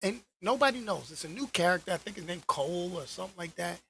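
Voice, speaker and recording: A man hosting his own channel, ranting casually to camera in an animated, slangy way and repeating phrases for emphasis. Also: high-pitched, fast talker, gravelly, a little hiss or hum. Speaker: channel host.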